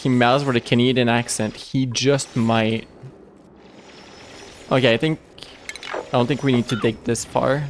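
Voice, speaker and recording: Rambling male streamer, halting speech. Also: mid-range voice, fairly even intonation, a little hiss or hum. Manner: rambling, halting with frequent restarts. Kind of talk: casual live game commentary.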